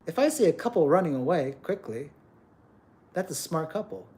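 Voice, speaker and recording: A man's voice: a little high, very animated, moderate pace, dark tone. A man hosting a livestream, ranting bluntly and emphatically, often repeating words as he scolds. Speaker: livestream host.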